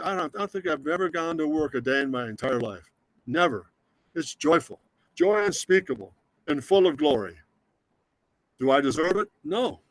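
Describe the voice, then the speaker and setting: An older man from Scotland giving an emotional, earnest inspirational talk as a guest speaker, slowing down for emphasis. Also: fairly high pitch, no room sound, poor audio. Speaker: guest speaker, automotive designer.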